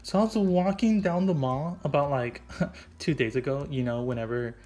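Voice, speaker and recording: A man's voice: on the high side, moderate pace, darkish tone, a little hiss or hum. A man doing an improvised comic voice-over, rambling and goofy, packing his talk with "like" and "right?". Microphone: voice-over mic.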